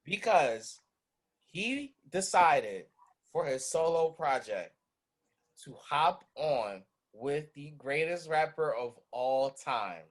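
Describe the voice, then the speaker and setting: A man on a casual podcast panel, arguing his picks in an animated, emphatic way. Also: fairly high pitch, slow pace. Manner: animated, emphatic, laughs a lot. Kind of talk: casual debate chat.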